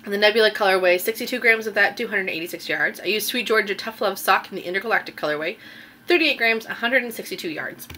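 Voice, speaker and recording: Chatty knitting lady, rambly with lots of ums, bright clear voice, a little hiss behind. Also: mid-range voice, fast. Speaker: knitting podcast host. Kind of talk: casual show-and-tell chat.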